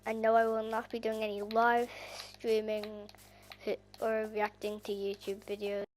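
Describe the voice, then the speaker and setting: A woman with an Irish accent giving rambling, chatty gameplay commentary that bursts into excited squeals. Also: fairly high pitch, measured pace, slight background noise. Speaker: gaming channel host.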